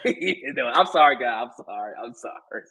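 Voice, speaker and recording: A man's voice: medium pitch, normal speed, slightly rough, low-quality recording. A man talking football on a casual sports podcast as a guest co-host. He talks with passion and repeats himself to drive a point home. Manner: impassioned, animated, repeats himself for emphasis.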